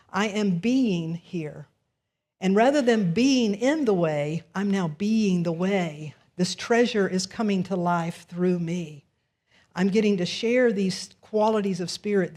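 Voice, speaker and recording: A woman's voice: medium pitch, warm tone. A woman minister giving a sermon in a conversational, storytelling way in a church. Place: church sanctuary.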